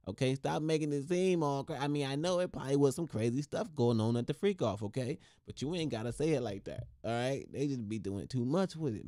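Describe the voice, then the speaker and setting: A man hosting a podcast, giving casual commentary in an animated, joking and slangy way, often repeating himself for effect. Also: mid-range voice, no echo, clean studio sound. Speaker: podcast host.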